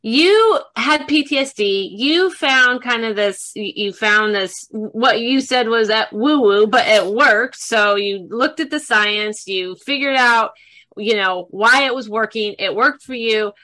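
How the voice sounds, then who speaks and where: A woman's voice: a little high, pushed and bright. A woman hosting a podcast, asking follow-up questions in a casual, friendly way. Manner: quick follow-up questions, laughs along. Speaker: podcast host. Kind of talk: casual interview.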